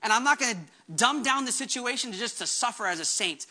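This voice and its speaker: High, bright-voiced impassioned male pastor. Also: animated. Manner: earnest, impassioned preaching with quick asides. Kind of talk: sermon.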